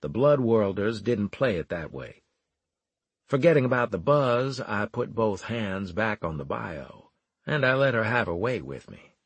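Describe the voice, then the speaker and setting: A man narrating a first-person audiobook in a wry, animated storytelling manner. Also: fairly low pitch, measured pace, slightly rough, dry recording.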